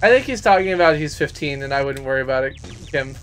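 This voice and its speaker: A man's voice: mid-range voice, animated, fast talker, fairly bright tone, a little hiss or hum. A man chatting casually as a gaming streamer, rambling and poking fun at himself while he plays. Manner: chatty, self-mocking, rambling. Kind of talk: casual gameplay commentary. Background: faint game music.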